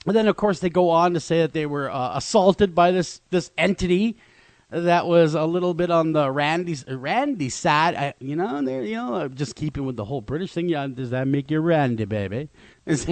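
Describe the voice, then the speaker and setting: A man's voice: on the high side, moderate pace, no echo. A man co-hosting a radio show in casual banter, telling stories playfully and often laughing. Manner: animated, laughing, playful storytelling. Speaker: radio co-host.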